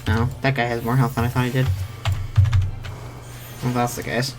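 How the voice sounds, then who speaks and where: A streamer at mid pitch mutters and swears freely while playing an online role-playing game, in casual commentary that sometimes reads game text aloud. Faint game music and keyboard typing sit behind the voice. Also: flat delivery, moderate pace. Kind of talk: casual let's-play commentary.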